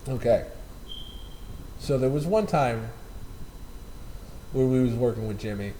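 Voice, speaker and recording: A man's voice: mid-range voice, unhurried, dark tone, a little hiss or hum, poor audio. A man casually telling rambling, profane anecdotes about a former coworker, often repeating and correcting himself. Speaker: storyteller.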